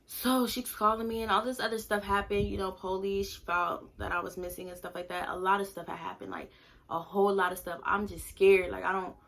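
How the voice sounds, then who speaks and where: A woman's voice: medium pitch, a little fast, vocal fry, a bit bright. A young woman in a casual storytime vlog, talking candidly with lots of fillers. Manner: candid, conversational, many fillers. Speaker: vlogger.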